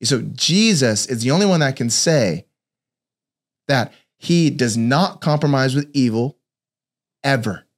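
A father gives a personal devotional talk in a medium-pitched, animated voice, unhurried and pausing often. He tells stories earnestly and acts out the voices of the people in them.

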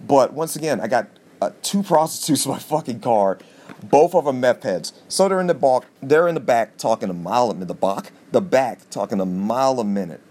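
A male podcast host tells a rambling comic story, swearing freely. His pitch leaps upward whenever he stresses a point, which gives the monologue an animated, excitable edge. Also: fairly quick. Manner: animated, profane, jumps in pitch for emphasis.

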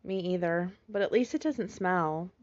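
A woman's voice: on the low side, normal speed, darkish tone, lightly acted. A woman voicing a young boy fox kit, an anxious older brother who talks in an earnest, fretful way, in a slightly muffled recording. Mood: glum.

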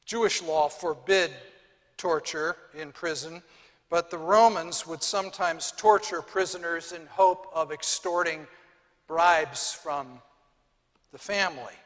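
A man's voice: a little high, slow, a bit bright, in a large hall. A man preaching a sermon as pastor, earnest and building to emphatic peaks.

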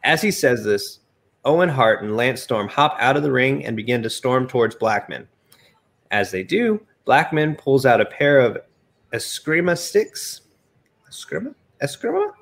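A man's voice: mid-range voice, lively intonation, a little slow, fairly bright tone. Casual man reading a game story aloud. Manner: reads game text aloud, laughing at himself. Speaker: narrator of a game playthrough. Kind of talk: casual narrated playthrough with friends.

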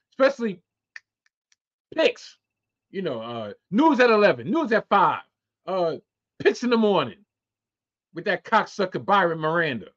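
A man's voice: high voice, fairly bright tone. A man in his forties hosting a solo podcast, ranting with a lot of profanity. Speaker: podcast host. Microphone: close to webcam. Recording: dull lo-fi sound.

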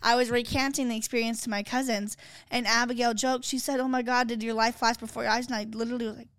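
A young woman chats on her podcast. She tells stories with a lot of expression and drops "literally" and "girl" all the time. Her voice is smooth and slightly high, and the room sounds close and dry. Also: quick pace, no echo. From San Francisco Bay Area. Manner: expressive storyteller, heavy use of "literally" and "girl". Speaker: podcast co-host. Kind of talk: casual podcast chat.

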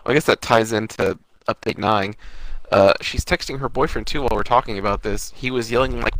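A man's voice: mid-range voice, fairly quick, a bit bright, poor audio. A man in casual chat, reacting with short comments and telling his own travel story.

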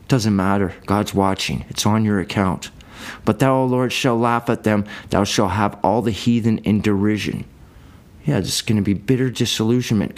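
A man preaching a sermon, reading verses and explaining them in a loose, conversational way. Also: lowish voice. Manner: colloquial, conversational Bible teaching.

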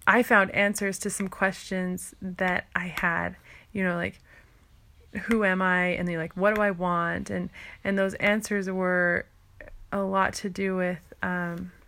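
A young woman recounts her own story in relaxed, casual speech. She is chatty and keeps acting out what she and others said. Her voice has a noticeable gravelly fry. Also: on the low side, measured pace. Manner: chatty, full of "like" and restarts, quotes herself and others. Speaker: stay-at-home mom telling her story.

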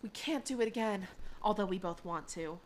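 A woman's voice: mid-range voice, normal speed, a little hiss or hum, natural voice. Woman doing a melodramatic smitten woman. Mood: dramatic. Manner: theatrical, melodramatic.

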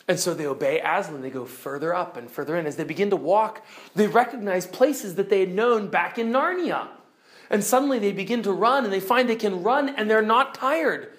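A woman teacher retells a story to her class at a fairly quick pace, animated throughout. She swings between bright exclamations and hushed, low, dramatic moments.

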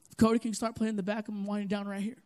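Young pastor, high voice, energetic preaching with loud-soft swings. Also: male voice, fast. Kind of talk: sermon.

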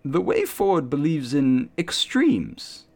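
A man's voice: fairly high pitch, huge pitch swings, slow pace, creaky, a little mellow, pitched above the performer's own voice, full character voice. A man voicing a zealous male street preacher in white robes who lectures eagerly on his creed. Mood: preaching. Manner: eager, lecturing, grandly sermonizing.

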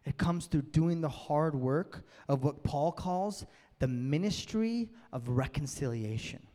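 A man's voice: fairly high pitch, expressive, takes it slowly, mellow. Man preaching in a reverberant hall. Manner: conversational, building to emphatic peaks. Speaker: pastor. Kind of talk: sermon. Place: church hall with long reverb.

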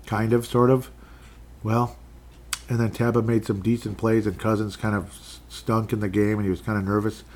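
A man's voice: fairly low pitch, a little mellow. A man hosting a casual sports recap podcast, rambling and joking with asides as he runs through the scores. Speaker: podcast host.

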